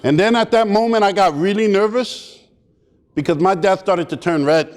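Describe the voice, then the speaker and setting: A man giving a comedic motivational talk at a community summit, animated and playful as he acts out scenes. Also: sits high, moderate pace. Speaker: keynote speaker. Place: large hall at a community summit. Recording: long hall reverb.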